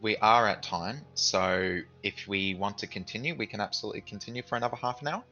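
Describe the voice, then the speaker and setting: A man acting as dungeon master, running an online tabletop game with relaxed, steady narration and frequent rules checks. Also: lowish voice, fairly quick, dull audio, soft background music.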